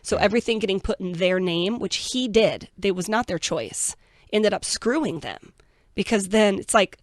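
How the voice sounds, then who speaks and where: A woman's voice: mid-range voice, expressive, moderate pace, dry recording, clean studio sound. A woman guest in an interview, telling her own story in a blunt, frank way and acting out the people she quotes. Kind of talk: candid interview talk.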